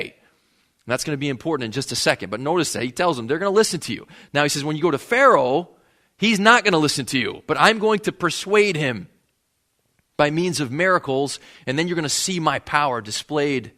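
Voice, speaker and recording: A man's voice: a little high, animated, a little fast, pushed and bright. A man preaching a sermon, reading scripture and explaining it in a conversational way, acting out the lines of the people in the text. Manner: conversational, acts out the characters' lines in the passage. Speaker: pastor.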